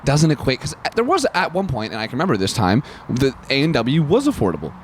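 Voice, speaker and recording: A young Canadian man talks fast and jokes freely as a podcast co-host. His pitch swings widely. A faint wash of outdoor noise sits under his voice. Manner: quick, animated, jokey. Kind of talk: casual chat.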